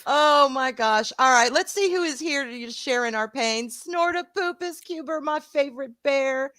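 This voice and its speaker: A woman's voice: sits high, unhurried, a bit bright, no echo. A woman with a Southern US accent, co-hosting a casual livestream and greeting her chat, calling viewers sweetheart and honey with a giggle. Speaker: co-host of a stream.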